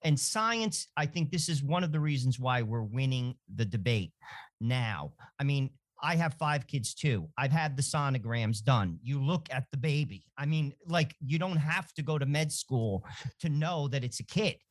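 A man's voice: medium pitch, animated, normal speed, no echo, clean studio sound. A man co-hosting a radio show, asking questions in a conversational way with lots of fillers. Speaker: radio co-host.

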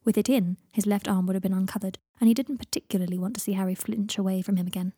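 Husky-voiced woman reading a story. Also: mid-range voice, dry recording, clean studio sound. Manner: steady, measured reading. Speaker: fan fiction reader. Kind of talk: audiobook narration.

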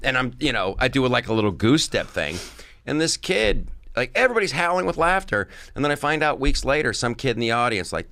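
A male comedian telling stories in a casual interview, animated and acting out impressions. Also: mid-range voice, fairly quick, dry recording, clean studio sound. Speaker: comedian guest.

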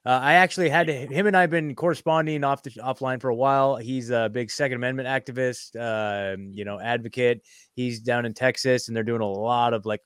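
A man's voice: mid-range voice, fairly bright tone, clear, resonant tone, no room sound. A man co-hosting a loose online talk show, wandering through his points with plenty of fillers and restarts. He is recorded dry and close, with no room sound. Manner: rambling, many fillers and restarts. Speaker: co-host of a news show. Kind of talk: casual group chat.

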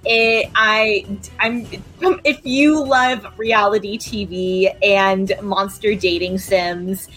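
A woman's voice: mid-range voice, steady tone, takes it slowly, sharp tone, faint music behind, rough recording. A woman player and performer chatting casually about her upcoming projects, giggly and upbeat. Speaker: actor and tabletop player. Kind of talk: casual chat.

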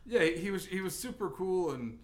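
A man's voice: sits high, animated, brisk, over a noisy crowd. A man hosting a podcast, rambling through a casual chat with many restarts. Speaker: podcast host.

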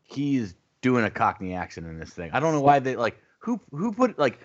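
Animated man arguing his point, lo-fi. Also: medium pitch, normal speed. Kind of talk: casual chat. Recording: dull lo-fi audio.

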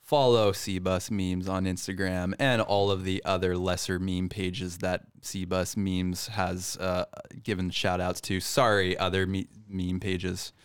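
A man's voice: low-pitched, little pitch movement, slow pace, few pauses, smooth, no echo. A man hosting a podcast in a casual chat, teasing his guest in a dry way. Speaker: podcast host.

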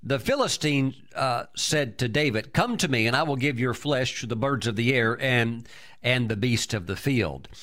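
A man's voice: mid-range voice, expressive, normal speed, fairly bright tone. A man preaching a sermon, emphatic, breaking into exclamations of praise and often repeating and restarting his words.

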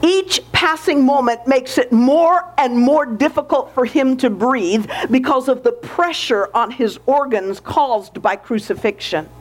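A woman preacher giving a sermon in a deliberate, emphatic way. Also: high voice.

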